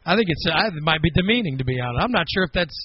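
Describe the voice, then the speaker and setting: Animated, husky-voiced American radio host. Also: male voice, fairly high pitch, racing, dry recording, highs cut off. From United States. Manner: teasing, animated, rambling. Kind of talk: casual call-in radio banter.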